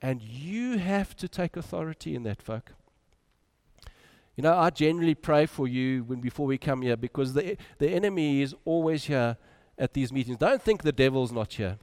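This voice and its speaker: A man preaching a sermon, moving between loud urging and quiet, soft drops. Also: fairly high pitch, animated, normal speed.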